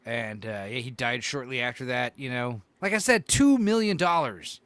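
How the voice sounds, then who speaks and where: A man's voice: mid-range voice, lively intonation, normal speed, a bit bright. A man co-hosting a casual podcast chat, rambling and swearing, full of "like" and "you know". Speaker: podcast co-host.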